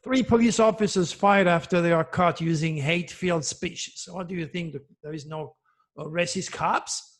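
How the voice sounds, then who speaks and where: A man with a husky voice, pitched fairly high for a man, delivers an emotional solo monologue. He talks in an impassioned, preachy way and hammers his points home by repeating words. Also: moderate pace. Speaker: astrologer host.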